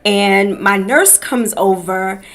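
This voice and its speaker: A middle-aged woman hosting a podcast, telling a personal story in a slow, reflective way and calling her listeners beloved. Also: medium pitch, fairly bright tone. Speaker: podcast host. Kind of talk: personal testimony, casual talk.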